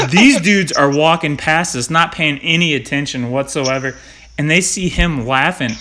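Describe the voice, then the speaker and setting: A man's voice: fairly high pitch, noisy background. A man in his thirties hosting a casual chat, telling a story with plenty of swearing and laughter. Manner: swears a lot, tells stories with laughs. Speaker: podcast host.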